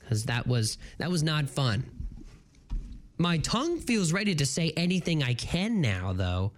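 A morning radio show host chatting alone into a close studio mic, with a bouncy voice that leaps up and down in pitch. The delivery is relaxed and unhurried, broken by laughter at their own tongue-twister fumbles. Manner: animated, laughing at own slip-ups; dyslexic, stumbling through tongue twisters. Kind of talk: playful solo on-air banter. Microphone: studio broadcast mic, close.

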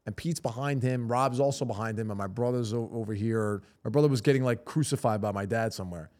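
Male podcast co-host, 40s, casual animated storyteller, mid pitch. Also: quick pace.

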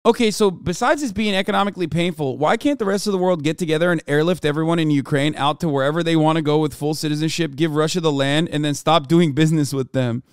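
A man's voice: a little high, fast talker, clean tone, dry recording, clean studio sound. A man hosting a podcast, reading tweets aloud and mocking them in a sarcastic, profane comedic commentary. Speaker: podcast host.

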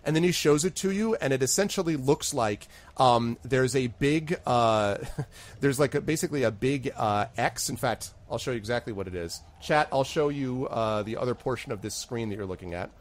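A man's voice: medium pitch, moderate pace. A man running an online tabletop game as game master. He narrates loosely and uses lots of fillers. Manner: relaxed and hesitant, with many fillers.

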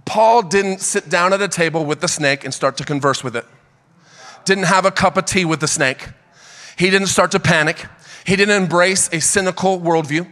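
A man preaching a sermon as pastor, building his points into impassioned, shouted crescendos. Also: sits high. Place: church auditorium. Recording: church hall reverb.

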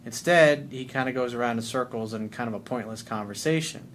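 A man coaching on dating in a frank, profane way, reading a listener's email aloud and breaking in with his own opinions. He has an ordinary mid-pitched voice and slips into other voices when he quotes people. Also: fairly quick, fairly bright tone, a little hiss or hum. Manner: blunt and profane; acts out quoted lines in a shifted voice.

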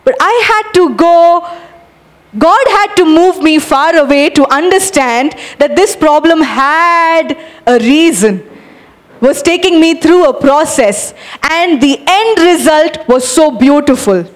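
A woman preaching a sermon to a congregation, energetic and urging, acting out animated demonstrations. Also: sits high, slow pace.

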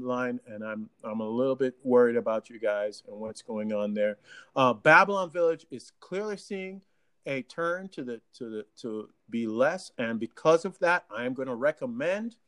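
A local official talking casually to residents in an animated way, laughing often and restarting sentences. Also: medium pitch. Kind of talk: casual livestream talk.

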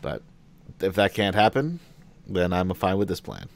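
A man's voice: low-pitched, big pitch swings, unhurried, gravelly. Blunt, eager male tabletop player. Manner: blunt, swears, eager for action. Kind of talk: casual chat at a game table.

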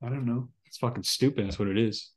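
A man's voice: medium pitch, fast talker, husky. A man co-hosting a casual podcast, reading trivia questions aloud and hesitating often with fillers. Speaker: podcast co-host.

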